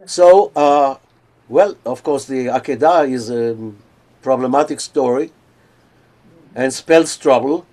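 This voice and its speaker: Slow-speaking man lecturing and chanting. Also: mid-range voice, a little mellow. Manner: explains slowly, then chants scripture verses in drawn-out cantillation. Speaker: lecturer on cantillation. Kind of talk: conference lecture with chanted examples.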